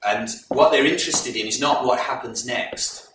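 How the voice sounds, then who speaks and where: A man presenting a folk performance, retelling the tale to a live audience in a measured, explanatory way. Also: mid-range voice, background noise. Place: live event hall. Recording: echoey hall recorded from far off.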